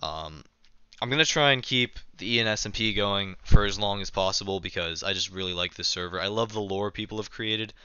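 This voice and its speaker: A man's voice: on the low side, brisk, bright, forceful tone, clean tone, no echo, muffled recording. A young man casually live-streaming a game, chatting and reading his chat aloud with a self-mocking manner, keyboard clicks behind.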